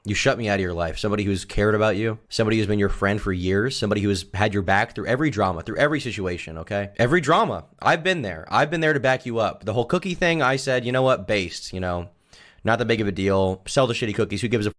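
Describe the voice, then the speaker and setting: A man streaming live, delivering a melodramatic, self-pitying mock-serious rant in a deadpan tone. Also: on the low side, fast talker.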